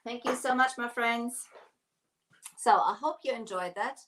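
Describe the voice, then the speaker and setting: A woman's voice: a little high, a little slow, fairly bright tone, a little hiss or hum. A woman who owns a craft shop, hosting a casual live stream. She talks while she works and thanks her viewers by name. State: out of breath.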